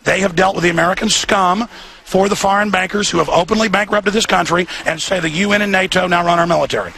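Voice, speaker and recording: Male talk host, outdoor live rant, very gravelly, high and forceful. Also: fast talker, a little hiss or hum. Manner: fiery, repetitive, ranting delivery. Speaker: radio talk show host. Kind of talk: impassioned live commentary. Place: outdoors near a hotel.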